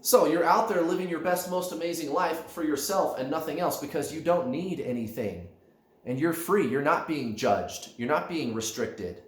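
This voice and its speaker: Male spiritual coach, emphatic, lively pitch swings, echoey room. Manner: animated, emphatic, addresses viewers as guys. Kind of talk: direct-to-camera coaching talk.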